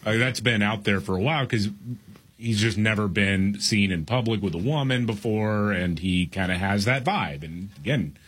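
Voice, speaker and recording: A man on a panel chat speaks in a very husky, somewhat low voice. He delivers dry, wry remarks in an understated way. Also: normal speed, a bit bright.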